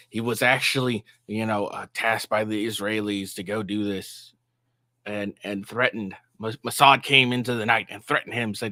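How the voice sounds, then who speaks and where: A man's voice: fairly low pitch, fairly even intonation, normal speed, sharp tone, no room sound. A man giving casual reaction commentary on his vlog, rambling with fillers and sarcastic asides. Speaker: commentary vlogger.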